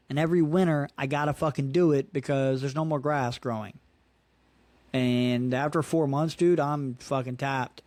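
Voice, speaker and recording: Guy in his 30s ranting on his podcast, swears a lot, kinda high voice, dry close mic, keeps saying dude. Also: no room sound. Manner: profane, frustrated ranting with frequent "dude" and "man". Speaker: podcast host. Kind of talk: casual solo podcast rant.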